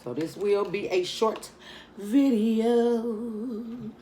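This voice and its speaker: A tired mukbang vlogger eats while chatting casually and directly to her viewers in a laid-back way. Her voice is on the high side, very slow, and dark-toned, with slight background noise.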